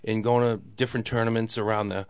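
A man's voice: on the low side, little pitch movement, fast talker, smooth, no room sound. A man telling a story as a guest in a casual way, rambling with many fillers and acting out quoted voices. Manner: rambling, fills talk with "you know", acts out quoted voices. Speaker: guest, local baseball organizer.

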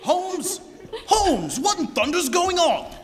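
A man's voice: very high voice, very animated, slow pace, full character voice. An actor playing a hearty, easily flustered male doctor companion, in 1940s radio acting style, on a reverberant old broadcast. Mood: bewildered.

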